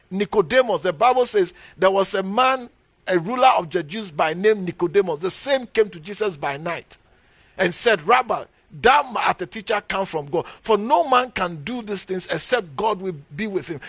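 Man preaching a sermon, fairly high voice, dry close sound, keeps repeating his points. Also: fairly bright tone, husky, no echo. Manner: emphatic, repeats key phrases, frequent hallelujahs. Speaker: bishop preaching.

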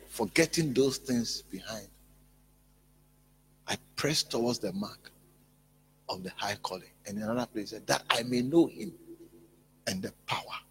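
A male pastor preaching a sermon in an emphatic, repetitive way, building up to loud peaks. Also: fairly low pitch, slight background noise.

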